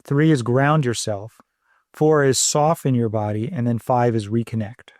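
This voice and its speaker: Calm, steady-voiced man co-host. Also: mid-range voice, moderate pace, no echo, studio quality. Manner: calm, explanatory, talks through steps. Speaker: podcast co-host. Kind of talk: casual parenting conversation.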